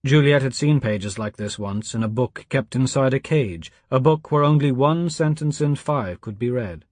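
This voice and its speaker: A man narrating an audiobook in a measured, quiet storytelling manner. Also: medium pitch, expressive, dry recording, studio quality.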